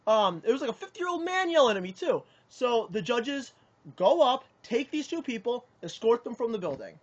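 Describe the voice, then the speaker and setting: A man's voice: very high-pitched, big pitch swings, a little fast. A young man telling a personal account to camera in a rambling, indignant way, often restarting his sentences. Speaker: card game player. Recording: muffled lo-fi audio.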